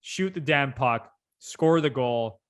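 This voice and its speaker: A man's voice: medium pitch, lively intonation, slow pace. A man co-hosting a casual sports podcast, ranting emphatically and with disbelief. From Canada. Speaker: podcast co-host.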